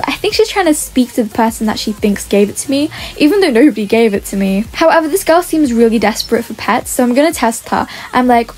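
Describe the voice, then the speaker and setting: A woman with a fairly high voice talks through her gameplay in a chatty commentary. She keeps up a running narration of what is happening and reads other players' chat messages aloud along the way. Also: animated, quick pace, hardly any pauses, darkish tone. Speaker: gaming channel host.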